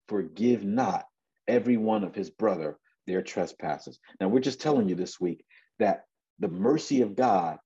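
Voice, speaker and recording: A man's voice: fairly low pitch, dark tone, husky, dull audio. A man in his forties preaching a sermon in a conversational way, often repeating and restarting words and briefly acting out the voices in the story. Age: 40s.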